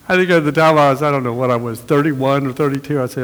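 Folksy middle-aged preacher in a reverberant hall. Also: male voice, fairly high pitch, fast. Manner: folksy storytelling, chuckling, acts out quotes. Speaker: pastor. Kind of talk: sermon with anecdotes.

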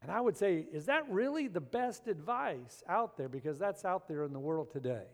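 A man with a high voice preaches a sermon to his congregation, animated and dramatic, swinging between loud emphasis and hushed moments. The sound rings with the long reverb of a church sanctuary. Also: normal speed. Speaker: pastor.

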